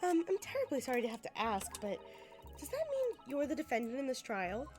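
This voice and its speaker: Casting: woman reading as an earnest young lawyer, polite and hesitant, hoarse. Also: sits high, wildly swooping pitch, a little fast, a little mellow, faint music behind. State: ill, hoarse.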